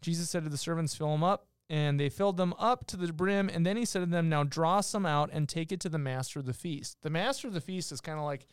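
Smooth-voiced man explaining scripture. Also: a little high, quick pace, few pauses, no room sound, clean studio sound. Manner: explains patiently, reads verses aloud, many restarts. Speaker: podcast co-host teaching scripture. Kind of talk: casual explanatory Bible talk.

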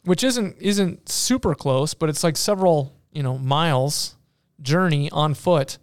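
A man with a fairly high voice talks casually, retelling scripture with lively asides and frequent restarts. His voice is smooth and clear. The recording is close and dry. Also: measured pace, no echo. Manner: animated, frequent fillers and restarts, playful asides. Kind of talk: casual retelling of Bible stories.

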